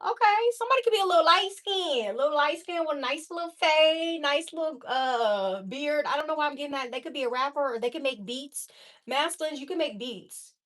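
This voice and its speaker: A woman's voice: sits high, fairly quick. Slangy, blunt tarot-reading woman. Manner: blunt, slangy, profane and animated, laughs often. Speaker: tarot reader. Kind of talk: casual tarot reading monologue.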